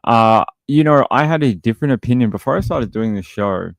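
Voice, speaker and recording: An Australian man hosts a true crime livestream, reading viewer comments aloud and answering them bluntly and opinionatedly with plenty of fillers. His medium-pitched voice is animated, a little fast, and creaky, with no echo.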